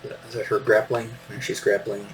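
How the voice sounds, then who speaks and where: A man's voice: lowish voice, flat delivery, moderate pace, distant mic, rough recording. A man in his fifties hosting a casual show-and-tell, meandering with lots of fillers and little chuckles. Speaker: podcast host.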